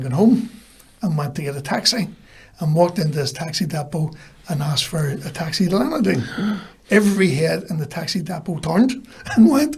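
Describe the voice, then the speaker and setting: A man's voice: fairly high pitch, slightly rough. A man with a Northern Irish accent, a podcast guest telling casual stories and acting out the lines people said to him. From Belfast, Northern Ireland. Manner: anecdotal, acts out quoted lines. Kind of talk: casual storytelling.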